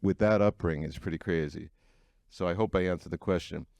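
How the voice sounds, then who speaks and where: A man's voice: low-pitched, brisk, creaky, darkish tone, dry recording. A middle-aged man telling personal stories to a live audience in a frank, conversational way, with frequent fillers. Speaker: keynote speaker at an entrepreneurs' breakfast. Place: event venue before an audience.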